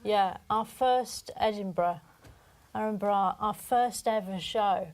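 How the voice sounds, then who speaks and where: A woman's voice: mid-range voice, unhurried, rough recording. A woman, a comedian guest on a podcast, telling stories in a dry, understated way. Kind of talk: casual podcast chat.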